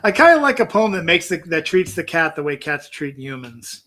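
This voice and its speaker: A wry man co-hosts a loose comedy chat, laughing often and swearing offhand. His voice is bright and forward, sitting slightly high for a man. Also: big pitch swings, fairly quick, a little hiss or hum. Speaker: podcast co-host.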